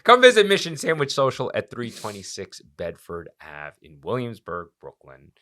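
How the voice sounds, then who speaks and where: Bright-voiced joking podcast host man. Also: medium pitch, wildly swooping pitch, moderate pace. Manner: joking, teasing, upbeat. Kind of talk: casual chat.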